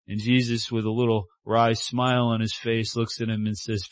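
A male preacher delivering a sermon with animated storytelling, dropping to a hushed tone for tender lines. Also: mid-range voice, a little fast, few pauses, no echo.

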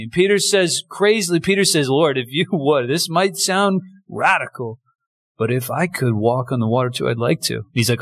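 A man's voice: medium pitch, brisk. A man preaching a sermon in a conversational way, often restarting lines and acting out short quotes. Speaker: pastor.

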